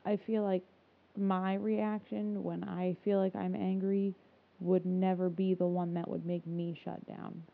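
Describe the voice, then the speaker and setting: A woman's voice: fairly low pitch, flat delivery, unhurried, creaky, few pauses. A woman co-hosting a podcast, chatting casually with lots of "like" fillers. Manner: chatty, filler-heavy, laughs often. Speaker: podcast co-host. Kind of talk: casual chat. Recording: tinny phone-like sound.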